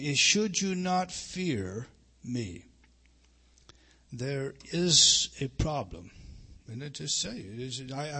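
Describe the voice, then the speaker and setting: Male preacher, sermon, emphatic, fairly high-pitched, husky edge. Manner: emphatic, swings from loud to hushed. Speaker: pastor.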